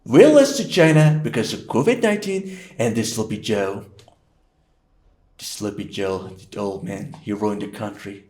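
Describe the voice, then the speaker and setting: A man's voice: lowish voice, lively intonation, normal speed, a little mellow, echoey room, natural voice. A man doing an impression of a boastful former US president who rambles and repeats himself. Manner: rambling, repetitive boasting, nicknames rivals.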